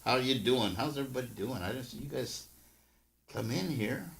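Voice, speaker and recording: A man's voice: medium pitch, a little fast, vocal fry, fairly bright tone, roomy sound. An older man and grandfather, hosting a casual livestream and telling a folksy, rambling story. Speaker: livestream host.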